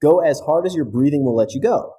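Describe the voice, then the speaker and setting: A man, a physiotherapist guest on a podcast, explaining breathing in an energetic, casual way and often checking in with "right?". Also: a little high, fairly quick, slightly rough. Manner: energetic, keeps tagging points with "right?".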